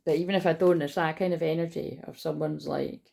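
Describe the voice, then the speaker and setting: A woman's voice: low-pitched, steady tone, a little fast, gravelly, darkish tone, a little hiss or hum. A woman giving a casual, rambling tarot reading, listing card meanings and swearing freely. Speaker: tarot reader.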